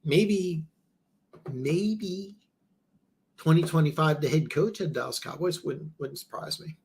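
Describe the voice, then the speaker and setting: A male podcast host of an easygoing football show talks a little slowly, with vocal fry and a darkish tone over slight background noise. His voice sits somewhat higher than most men's; he meanders and trips through restarts, then his pitch leaps when he's baffled.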